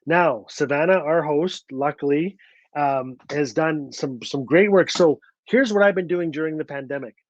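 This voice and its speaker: A man telling a story at an online book event, earnest and halting, repeating words as he goes and acting out what others said. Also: on the high side, a little hiss or hum. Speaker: author and storyteller. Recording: dull, dry sound.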